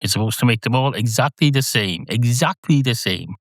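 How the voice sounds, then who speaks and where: A man's voice: mid-range voice, expressive, brisk, dry recording. A man hosting a podcast, telling a whimsical comic story in a rambling monologue. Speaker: podcast host.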